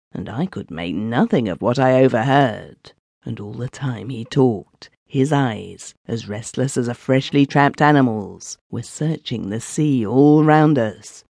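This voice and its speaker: A man's voice: medium pitch, creaky, a little mellow, dry recording. A man narrating a first-person story for an audiobook in a dramatic storytelling manner, on a close studio microphone.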